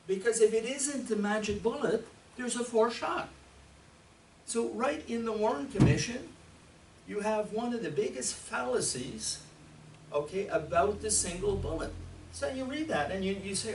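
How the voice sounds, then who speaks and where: An emphatic man lectures a conference audience, throwing out rhetorical questions with a lively, swooping delivery. His voice sits a little high for a man. He was picked up by a far camera in an echoey hall with faint room ambience. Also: moderate pace, slight background noise. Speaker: conference speaker.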